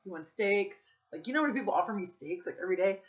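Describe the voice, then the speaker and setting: A woman's voice: mid-range voice, animated, racing. Chatty woman vlogger, lo-fi sound. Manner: chatty, frank, peppered with "dude" and "like". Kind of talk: casual storytelling vlog. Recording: slightly dull lo-fi sound.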